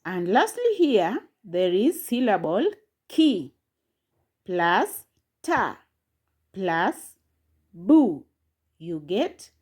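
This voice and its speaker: A woman teaching a pronunciation lesson, saying each word slowly and repeating it several times. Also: on the high side, a little mellow. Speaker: language teacher. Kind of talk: slow, drilled pronunciation lesson.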